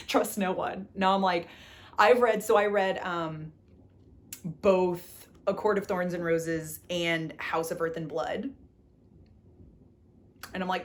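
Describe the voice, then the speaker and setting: A woman's voice: on the low side, takes it slowly, long pauses. A young woman chatting casually about books she has read, gushing and exasperated by turns, repeating herself and saying "like" a lot. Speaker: book vlogger. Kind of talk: casual book review chat.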